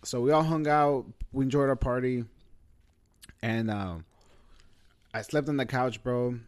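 Man in casual chat, storyteller, profane, filler-heavy, mid pitch. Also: unhurried. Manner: loose, profane, filler-heavy, says bro a lot.

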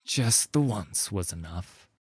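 A man voicing a gaunt undead man who speaks in a solemn, measured way. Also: low voice, lively intonation, breathy edge, no echo, studio quality, heavily acted.

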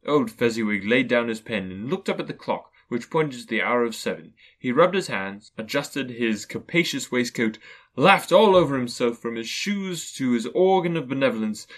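A man narrating a classic storybook in a measured, even reading. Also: medium pitch. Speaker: audiobook narrator.

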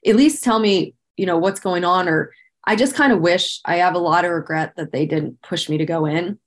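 A woman's voice: lowish voice, fairly quick. A woman in her thirties, a podcast guest, telling a personal story candidly and earnestly, with frequent "like" fillers and a strong sense of emotion. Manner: speaks about painful memories with visible emotion.

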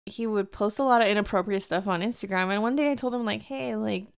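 A woman's voice: mid-range voice, quick pace, gravelly, clear, resonant tone. A woman in her thirties telling a casual story, full of filler words and acted-out quotes, with a few Spanish phrases dropped in. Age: 30s.

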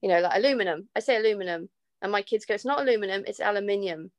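A woman's voice: mid-range voice, expressive, very fast, slight background noise. A woman with an English accent, a podcast guest chatting casually and laughing often, with frequent restarts. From England. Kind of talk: casual chat.

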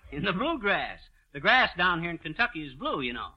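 An actor playing a boastful, excitable comic schemer in a 1930s radio comedy, with a bouncy, joking delivery full of wordplay. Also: male voice, on the high side, normal speed, husky. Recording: muffled 1930s radio broadcast.

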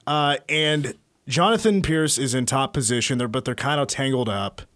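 A man's voice: medium pitch, normal speed, no room sound. A man hosting a sports talk show, casually retelling sports stories. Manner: storytelling, animated retelling. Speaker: sports radio host.

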